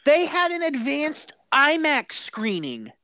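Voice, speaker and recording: A man co-hosting a podcast, telling a story in a casual, animated way, laughing and swearing as he goes. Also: very high voice, slow, no echo. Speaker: podcast co-host.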